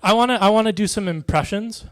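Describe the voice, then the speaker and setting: A man doing stand-up comedy, delivering deadpan one-liners in a dry, soft-spoken way. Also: high-pitched, fast talker.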